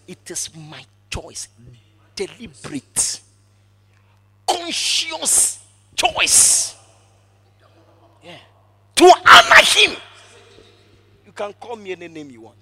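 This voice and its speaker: A man preaching a sermon emphatically, repeating phrases for emphasis and swinging from hushed asides to shouted exclamations. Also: on the high side, animated, normal speed, breathy edge.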